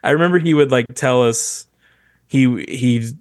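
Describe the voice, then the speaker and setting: A man in the middle of a loose comedy podcast chat, wandering through his thoughts with restarts and little laughs. His voice sits at an ordinary middle pitch, and the sound is close and dry, with no room around it. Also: darkish tone, dry recording. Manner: rambling, halting, laughs often. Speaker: podcast co-host.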